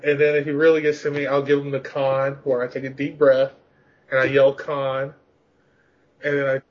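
A man in a casual podcast chat who rambles through self-mocking stories and laughs often. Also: a little high. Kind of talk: casual storytelling chat about gaming rage. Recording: dull, slightly lo-fi sound.

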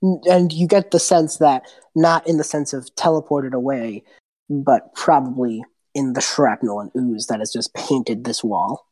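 A woman game master narrating a tabletop game in a relaxed, descriptive way. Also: a bass voice, unhurried, rough recording. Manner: relaxed, descriptive, some restarts.

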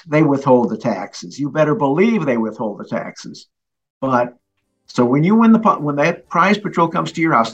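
An older man, a consumer protection official, telling stories in a relaxed interview and chuckling along the way. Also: mid-range voice, highs cut off. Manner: animated, chuckling storyteller. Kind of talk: conversational interview storytelling.

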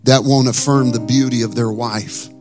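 A male pastor preaching a sermon with animated, blunt storytelling and emphatic asides. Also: medium pitch, moderate pace, music in the background.

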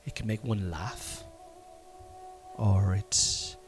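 Sick irish guy rambling slow on his podcast, low voice, music playing under it. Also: fairly even intonation. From Ireland. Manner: slow, rambling, profane storytelling with sudden loud bursts. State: sick with covid, congested and coughing. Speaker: podcast host. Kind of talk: casual solo podcast monologue. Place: at home.

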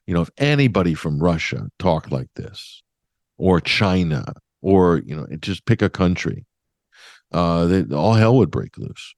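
A man's voice: low voice, animated, moderate pace, a little mellow, no echo, clean studio sound. A man hosting a radio talk show, giving opinionated commentary in a sardonic, emphatic way with mocking asides.

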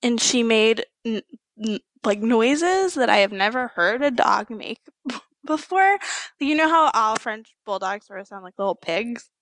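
Bright, giggly young woman chatting. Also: on the high side, a little slow, no room sound. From Chicago area. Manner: giggly, chatty, animated storytelling. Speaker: guest co-host. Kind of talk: casual chat.

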